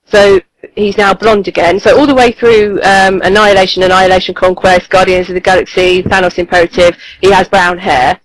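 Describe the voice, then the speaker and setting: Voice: medium pitch, level tone, fairly quick, fairly bright tone, a little hiss or hum, rough recording. A podcast co-host, chatting casually and eagerly, with many ums and restarts. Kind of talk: casual chat reviewing comics.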